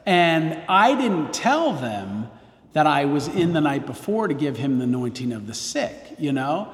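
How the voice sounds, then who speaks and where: A man's voice: on the high side, very animated, a little slow. A Catholic priest, a man, telling a story casually, rambling with frequent restarts and self-corrections. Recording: roomy hall reverb.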